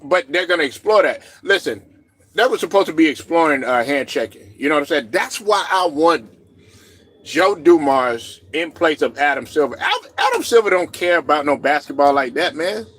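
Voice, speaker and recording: Animated, laughing man ranting about sports. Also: a little high, normal speed, slightly rough. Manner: animated, laughs a lot, swears constantly, rants. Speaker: sports show host. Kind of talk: profane sports commentary monologue.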